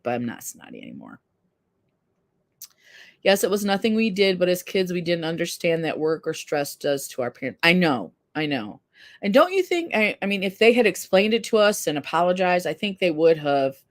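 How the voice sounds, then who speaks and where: A woman in her fifties hosting a casual live stream, talking candidly and earnestly while reading viewer comments. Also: fairly low pitch. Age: 50s. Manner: candid, earnest, self-deprecating.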